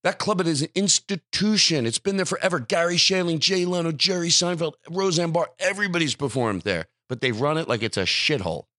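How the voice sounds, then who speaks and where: A man hosting a podcast, ranting in casual chat, jumping between loud bursts and low muttered asides. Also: a little fast, hardly any pauses, no room sound, clean studio sound. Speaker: podcast host.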